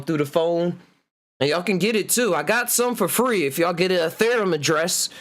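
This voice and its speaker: A man hosting a podcast, reading out word origins slowly in a laid-back way and laughing often. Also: on the high side. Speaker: podcast host. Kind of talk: casual solo chat reading etymology.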